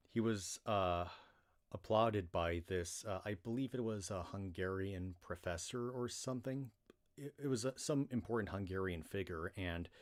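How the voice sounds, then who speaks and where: A man with an American accent and a low voice chats casually to his livestream. He rambles, doubles back and fills gaps with "uh" and "like" as he speaks. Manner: rambling, with many restarts and fillers. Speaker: livestream reader.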